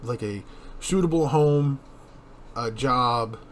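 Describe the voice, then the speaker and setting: A man's voice: medium pitch, slow pace, fairly bright tone, slight background noise. A young man co-hosting a casual movie review podcast, retelling scenes and quoting lines between laughs. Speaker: podcast co-host.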